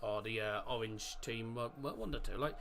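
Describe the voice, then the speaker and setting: Male watchalong host, bright and forceful, casual commentary with plenty of rambling asides to viewers. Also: medium pitch, normal speed, creaky. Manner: chatty and rambling, corrects himself, chats with viewers. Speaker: host of a football watchalong stream. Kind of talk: casual live match commentary.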